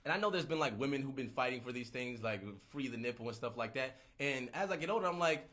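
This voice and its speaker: A man hosting a livestream, ranting in a casual, profane, animated way and repeating himself. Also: mid-range voice, fast, hardly any pauses. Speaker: livestream host.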